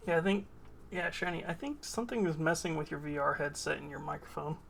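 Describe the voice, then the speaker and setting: A woman streamer chatting casually while painting miniatures, her voice a little hoarse. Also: low voice, steady tone, quick pace, slight background noise. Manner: chatty, talks while working. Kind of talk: casual live-stream chat.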